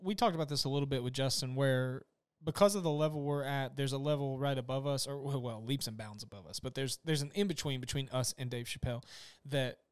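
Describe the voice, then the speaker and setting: A man's voice: mid-range voice, fast, hardly any pauses, clear, resonant tone, no echo. A man co-hosting a comedy podcast, rambling and correcting himself as he chats casually into a close mic. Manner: rambling, self-correcting, acts out jokes in voices. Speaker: podcast co-host. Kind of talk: casual chat.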